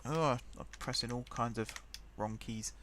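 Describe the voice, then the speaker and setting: Man, young adult, let's play host, rambling casual commentary, medium pitch. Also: measured pace, fairly bright tone, a little hiss or hum. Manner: rambling, chatty, thinks aloud while typing.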